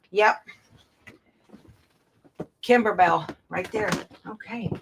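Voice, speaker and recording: Brief: woman host, casual and chatty, talks to herself while tidying, earbud mic, light background noise. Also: medium pitch. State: out of breath at times. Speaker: quilting show host. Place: craft room at home.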